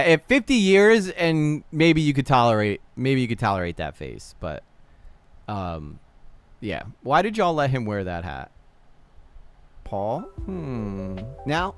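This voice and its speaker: A man's voice: medium pitch, very animated, a little slow, clear, resonant tone, dry recording, soft background music. A man streaming a casual reaction video, talking bluntly to his chat and swearing often.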